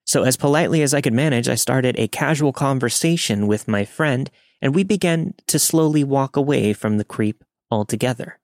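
A man hosting a true horror podcast, reading a first-person story in a steady, measured way. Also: mid-range voice, no room sound, clean studio sound. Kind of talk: scripted storytelling narration.

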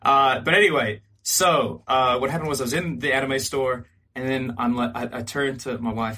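A man with an average-pitched, somewhat husky voice tells a story on a podcast. He acts out every character in it and swears freely. It is loose, casual talk straight into a podcast microphone. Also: normal speed, hardly any pauses, sharp tone. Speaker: podcast guest.

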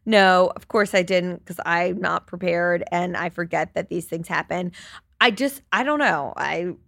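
A woman's voice: on the low side, measured pace, creaky, fairly bright tone, dry recording, studio quality. A woman in her thirties hosting a solo podcast, telling a story in a candid, chatty way and swearing freely. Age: 30s. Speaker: podcast host.

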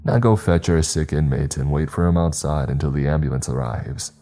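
A man's voice: very deep voice, fairly quick, creaky, dark tone, soft background music, full character voice. A man voicing a lazy male prison guard who talks in a smarmy, patronizing way.

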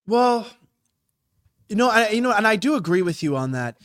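A man hosting a casual podcast chat, talking in an animated, incredulous and profane way. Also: high-pitched, moderate pace, dry recording, clean studio sound.

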